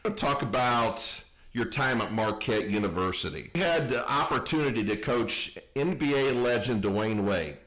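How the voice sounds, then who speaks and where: A man hosting a podcast, asking an interview guest measured, prepared questions. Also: mid-range voice, expressive, fairly bright tone. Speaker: podcast host.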